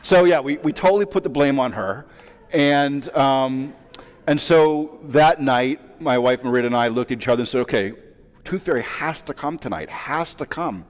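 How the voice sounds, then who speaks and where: A man in his forties, a rabbi, giving a sermon as a relaxed, self-deprecating story full of asides. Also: medium pitch, normal speed. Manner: chatty, self-deprecating, with many fillers and asides. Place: large synagogue sanctuary. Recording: long reverb of a large hall.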